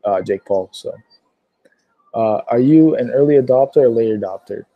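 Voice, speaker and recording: A man of about nineteen answering viewer questions on a casual livestream, rambling and filling pauses with lots of "uh"s. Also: mid-range voice, dry recording, highs cut off. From Pittsburgh, Pennsylvania. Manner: rambling, filler-heavy, many "uh"s.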